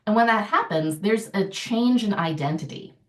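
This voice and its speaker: A middle-aged woman talking as a podcast guest, an animated storyteller who laughs often. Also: medium pitch, normal speed, echoey room, far from the mic. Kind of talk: casual podcast conversation.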